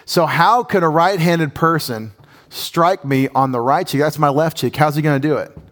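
A man preaching a sermon in a conversational, animated way, often asking his audience questions. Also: fairly high pitch, normal speed. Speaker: pastor.

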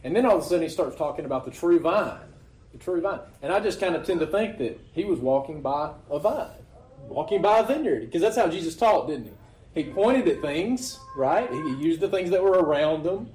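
Higher-voiced man preaching in an echoey hall. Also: animated, brisk, a little mellow. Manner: conversational, asks rhetorical questions. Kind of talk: sermon. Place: church meeting hall.

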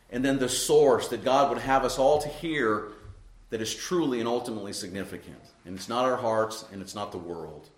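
A man preaching an expository sermon as pastor. He talks emphatically, repeats key words and keeps asking "right?" as he explains a passage. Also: mid-range voice. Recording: echoey room.

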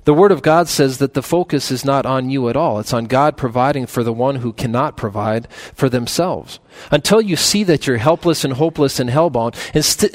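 A man preaching a sermon, building to loud, emphatic peaks, then dropping low, repeating lists and restarting words mid-phrase. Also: animated, moderate pace.

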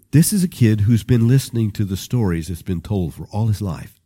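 With a lowish, brisk, slightly rough voice, a man preaches a storytelling sermon. He is animated and conversational, speaking directly to his listeners.

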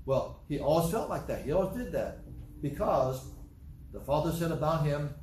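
A man's voice: fairly high pitch, expressive, moderate pace, darkish tone, recorded from a distance, a little hiss or hum. Older male preacher in an echoey hall. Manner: storytelling, repetitive, humorous asides. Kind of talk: sermon. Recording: echoey room from afar.

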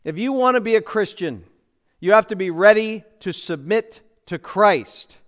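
Inside a church sanctuary, a middle-aged male pastor delivers a sermon in a smooth, resonant, clear voice pitched high for a man. Speaking a little slowly with lively intonation, he drives home his points through emphatic repetition and rhetorical questions to the congregation.

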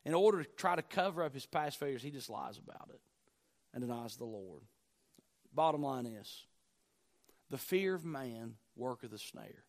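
A man preaching a sermon, repeating key phrases and moving between loud declarations and hushed, low lines. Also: lively intonation, moderate pace, long pauses. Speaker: pastor.

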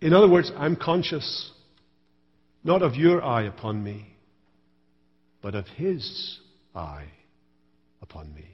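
A man's voice: medium pitch, very animated, slow, pauses often, big-room sound, lo-fi sound. A man preaching a sermon as pastor, telling stories with wry humor. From Scotland. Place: church sanctuary.

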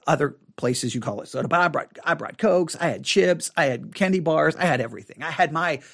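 A man's voice: on the high side, expressive, brisk, gravelly, a bit bright. A middle-aged man from Texas with a Texan accent, teaching a Bible study in a conversational way, often repeating and restarting his words as he leans into key points. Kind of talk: informal Bible study teaching with personal stories.

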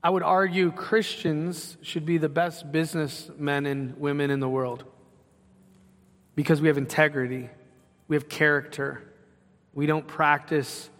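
High, bright-voiced male preacher. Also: steady tone, a little slow. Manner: emphatic, rhetorical questions. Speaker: pastor. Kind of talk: sermon. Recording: long hall reverb.

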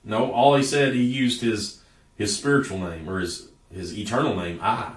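A man's voice: fairly low pitch, moderate pace. A man preaching a sermon in a folksy storytelling way, stretching out words for emphasis. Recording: echoey room from a distance.

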